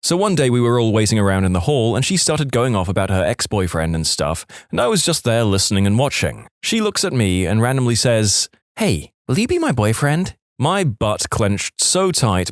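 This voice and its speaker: A man reading internet stories aloud in an expressive, playful storytelling manner. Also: mid-range voice, brisk, few pauses, no echo, studio quality. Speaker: story narrator.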